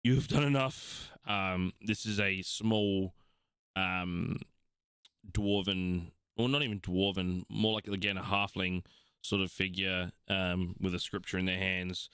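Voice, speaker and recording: Young aussie guy running a tabletop game, slow and clear, dry sound. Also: low voice, flat delivery, pushed and bright, no echo. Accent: Australian. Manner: unhurried, many fillers. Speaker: game master.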